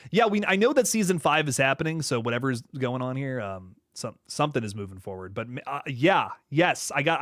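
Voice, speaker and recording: A young man hosting a horror livestream, chatting casually and reading viewer comments aloud, often laughing and dropping into low asides. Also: dry recording, clean studio sound. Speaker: horror channel host reading live chat.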